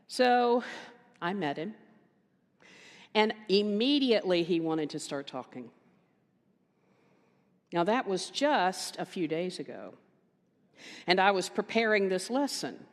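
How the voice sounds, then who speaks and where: A woman minister giving a conversational sermon, telling a story with animated quoted voices and emphatic repetition. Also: mid-range voice, a little slow, pauses often. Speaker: guest minister. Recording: reverberant hall.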